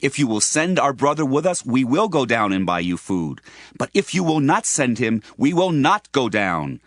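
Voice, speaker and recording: A man's voice: mid-range voice, sing-song, normal speed, no echo, clean studio sound, natural voice. An actor playing an earnest brother pleading his case in a dramatized scripture reading. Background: backing music.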